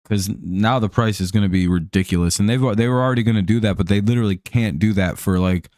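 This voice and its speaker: Over a live baseball broadcast, a man from the United States chats quickly and casually, calling the plays in a low, slightly mellow voice. His talk is rambling and profane, packed with "like" and "um," recorded dry and close with hardly any echo.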